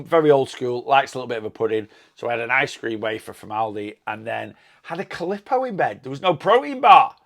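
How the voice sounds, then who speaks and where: A man's voice: mid-range voice, vocal fry, a bit bright. A man, casually chatting in his weight loss vlog, rambling and enthusiastic about food. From England.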